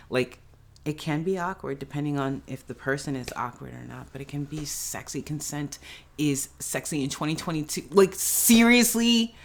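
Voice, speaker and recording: A woman giving a casual, animated reaction review of a TV episode, ranting in exasperation and laughing as she talks. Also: sits low. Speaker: show reviewer. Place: at home in pajamas.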